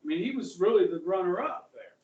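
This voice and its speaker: A man's voice: sits high, expressive, fairly quick, darkish tone, muffled recording. A male history teacher giving a chatty, rambling classroom lecture and often checking in with students. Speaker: high school history teacher. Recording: echoey classroom from far off.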